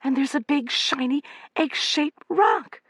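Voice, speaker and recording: A man voicing a frightened, fierce young woman in an audiobook, with high, breathless exclamations. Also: fairly even intonation, a little slow, bright, forceful tone, dry recording, full character voice. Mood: excited, frightened.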